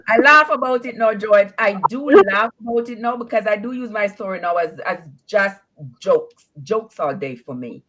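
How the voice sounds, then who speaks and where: A woman calls in to tell her own story with lots of animation, laughing as she goes. Her pitch rises and falls widely as she acts out what people said. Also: fairly bright tone. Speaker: caller. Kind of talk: call-in storytelling.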